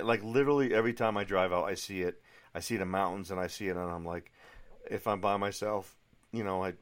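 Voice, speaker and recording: A middle-aged American man hosting his own podcast, chatting through a rambling, enthusiastic solo monologue full of asides. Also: low voice. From United States. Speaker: podcast host.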